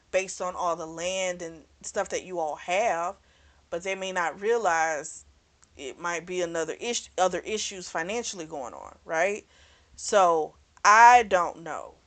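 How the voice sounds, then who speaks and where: A woman casually recapping a romance novel for her book review channel, candid and chatty, swearing freely as she retells the scenes. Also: medium pitch.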